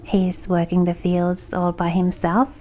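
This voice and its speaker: A woman voicing a curious, teasing young woodland witch in a calm, dry way. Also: lowish voice, a little slow, faint music behind, natural voice.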